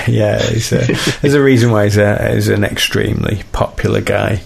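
A man's voice: fairly low pitch, steady tone, moderate pace, creaky. A man hosting a casual show, chuckling and easygoing as he hands over to the next guest. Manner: chuckling, easygoing link-ups. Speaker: podcast host.

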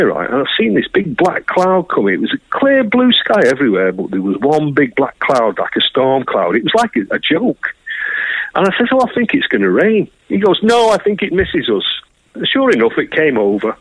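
Guy rambling crude fishing stories, lively voice, dry close mic. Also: fairly high pitch, husky, no room sound, rough recording. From England. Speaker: guest angler. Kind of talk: casual anecdote.

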